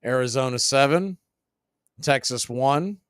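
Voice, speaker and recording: A man calling baseball play-by-play for a fan radio stream, steady with wry asides. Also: medium pitch, unhurried, smooth, no room sound, studio quality. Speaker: play-by-play announcer.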